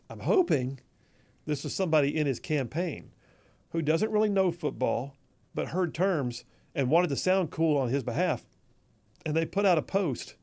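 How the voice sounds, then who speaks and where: Gravelly radio host. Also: male voice, on the high side, a little mellow. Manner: chuckling, chatty, repeats words as he goes. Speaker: radio talk show host. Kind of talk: casual talk radio chat, reading listener texts. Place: radio studio.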